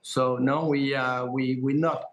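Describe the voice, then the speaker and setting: A middle-aged man with a French accent, speaking in a live TV business interview. He is a company chief executive, sure of himself and upbeat, answering quickly with frequent "uh" fillers. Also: medium pitch, level tone, low-quality recording. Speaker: hotel group chief executive.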